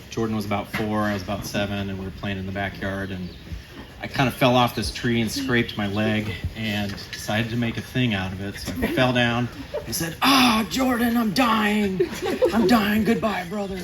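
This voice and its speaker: A man's voice: fairly low pitch, very noisy. A man in his forties giving a heartfelt, jokey best man toast at a wedding reception, laughing often. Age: 40s.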